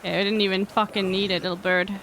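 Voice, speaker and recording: A woman's voice: mid-range voice, level tone, fast talker, background noise. A young woman streaming a game, chatting crudely and jokingly with her viewers. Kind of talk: casual gameplay commentary.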